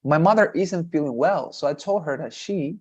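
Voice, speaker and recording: A man's voice: on the high side, moderate pace, breathy edge. A man teaching English in a one-on-one lesson, encouraging and patient, often repeating praise.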